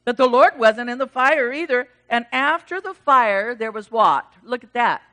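A woman preaching a sermon, animated, swinging from loud exclamations to hushed asides and acting out the voices of the people in her text. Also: on the high side, moderate pace. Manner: acts out quoted voices of God and Elijah.

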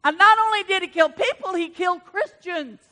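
A woman pastor preaching a sermon in a church, swinging from hushed storytelling to loud exhortation. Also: very high voice, moderate pace. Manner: dramatic swings from hushed to loud, retelling stories. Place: church sanctuary.

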